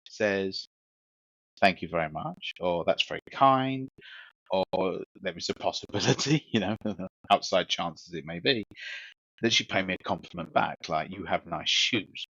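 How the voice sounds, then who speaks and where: A lower-voiced man with a London accent spins a long, cheeky story on a casual podcast, stumbling over restarts and breaking into laughter. The sound is dry and a little muffled. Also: unhurried, pushed and bright, no echo. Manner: rambling anecdote with frequent restarts, laughing and cheeky. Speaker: podcast co-host.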